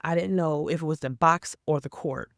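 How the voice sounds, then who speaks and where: A woman in her sixties telling a personal story to camera in a casual, chatty way, with exasperated asides that jump up in pitch for emphasis. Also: normal speed, gravelly, no echo, clean studio sound. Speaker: faith vlogger.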